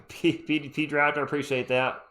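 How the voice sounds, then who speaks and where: A man's voice: a little high, level tone, normal speed, pushed and bright. A tired man streaming live play-by-play, laid-back and chatty, talking to his viewers between plays. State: sleepy. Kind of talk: casual live sports commentary with chat shout-outs.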